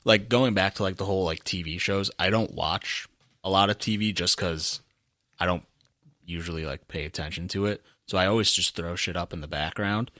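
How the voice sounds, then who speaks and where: A young man with a very deep but bright voice, rambling in casual podcast chat. The recording is dry and close. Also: normal speed, no room sound. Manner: rambling, filler-heavy talk. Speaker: podcast co-host.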